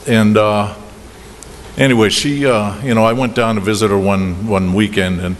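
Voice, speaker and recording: A middle-aged man with a Boston accent tells a meandering personal story about his drinking at a recovery meeting, halting and restarting with chuckles. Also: fairly low pitch, steady tone. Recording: reverberant hall with faint noise.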